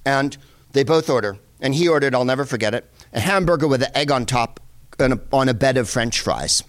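A middle-aged man casually telling a lively anecdote, full of asides and the odd curse. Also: mid-range voice, a little fast. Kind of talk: casual storytelling.

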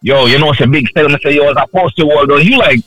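Animated, swearing man on a podcast. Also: on the high side, fast, dry recording, soft background music, rough recording. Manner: animated storyteller, loud and swearing, acts out quotes. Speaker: podcast co-host. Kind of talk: casual chat.

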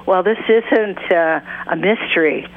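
A counselor and author speaks as an interview guest over a narrow, tinny phone line. The delivery is earnest and unhurried, dropping into quick put-on voices to act out what clients and parents say. The pitch sits in a middle range. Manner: unhurried, earnest, acts out quotes in other voices.

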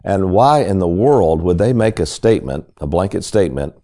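Hosting a financial radio show, this man has a low, dark voice and a moderate pace. His energy is emphatic and folksy, he often addresses the audience at home, and his tone remains mellow even while pushing a point.

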